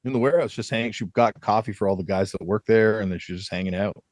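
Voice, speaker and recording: A man's voice: fairly low pitch, quick pace, dry recording. A man hosting a podcast, telling rambling anecdotes in casual chat and laughing often. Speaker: podcast host.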